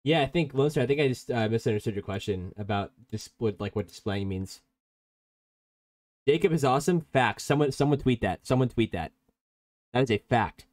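A man's voice: mid-range voice, expressive, fairly quick, darkish tone, no room sound, studio quality. A man teaching a live online coding workshop in a casual, rambling way, reacting to chat and prone to giggling. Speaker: workshop instructor.

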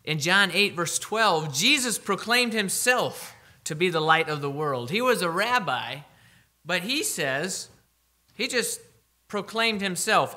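A man preaching a sermon, emphatic, slowing down to read scripture aloud. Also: sits high, expressive, pushed and bright.

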